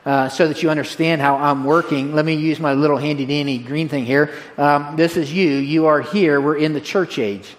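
A male pastor preaching to his congregation with energy and a folksy, conversational touch. His voice sits a little higher than most men's, and he circles back to drive his main points home. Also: moderate pace, few pauses. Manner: energetic, direct, repeats key phrases to a congregation. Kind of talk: sermon.

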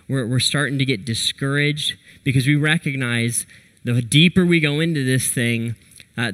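A man preaching a sermon, telling a personal story in an animated way and acting out his own quotes. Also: medium pitch. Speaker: pastor.

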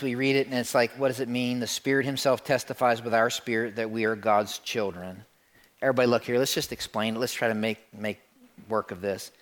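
A male pastor preaching a sermon to his congregation, telling stories, repeating words and talking straight to the listeners. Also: fairly low pitch. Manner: animated storytelling, acts out voices in quotes.

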